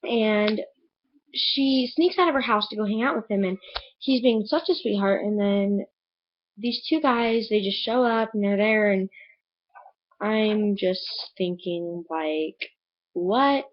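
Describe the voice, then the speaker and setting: A woman's voice: mid-range voice, takes it slowly, lo-fi sound. A woman reviewing a book in a casual vlog, rambling and chatty with lots of fillers.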